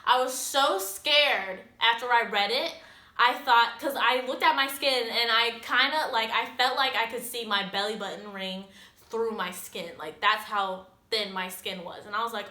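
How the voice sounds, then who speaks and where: A woman's voice: a little high, lively intonation, moderate pace, sharp tone. A young woman vlogger telling a casual storytime, chatty and self-mocking, swearing freely and filling her talk with "like". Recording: echoey room.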